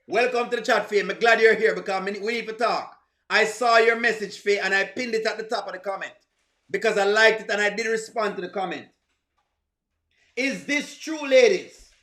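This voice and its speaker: A man's voice: high voice, moderate pace, pauses often, pushed and bright. A man with a Jamaican accent hosting a live reaction stream, teasing and greeting viewers in the chat. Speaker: livestream host. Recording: echoey room.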